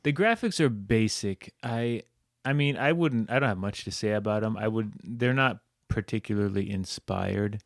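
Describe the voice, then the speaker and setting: A man with an English accent, co-hosting a casual podcast about video games, self-deprecating and quick to laugh. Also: fairly low pitch, no room sound, clean studio sound. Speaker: podcast co-host. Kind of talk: casual game discussion. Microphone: close podcast mic.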